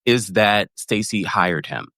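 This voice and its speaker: A man's voice: lowish voice, animated, slow, pushed and bright, no echo, studio quality. A man hosting a podcast, playful and gossipy in casual chat, often laughing. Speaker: podcast host.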